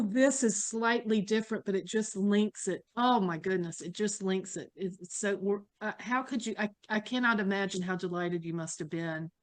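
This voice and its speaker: A woman's voice: medium pitch, a little mellow. A woman interviewing a poet at a book launch, talking in a casual, effusive and enthusiastic way.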